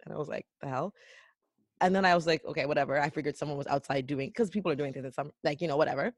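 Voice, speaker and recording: A young woman co-hosting a podcast, chatting casually and acting out quotes in a loud, animated way. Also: low-pitched, racing, dry recording, studio quality. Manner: animated storyteller, acts out quotes loudly. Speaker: podcast co-host. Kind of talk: casual chat.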